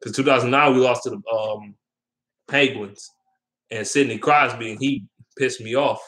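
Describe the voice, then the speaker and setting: A man's voice: medium pitch, fairly even intonation, moderate pace, a bit bright. A young man talking casually about sports in a rambling, opinionated way, with slang and lots of ums. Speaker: sports vlogger.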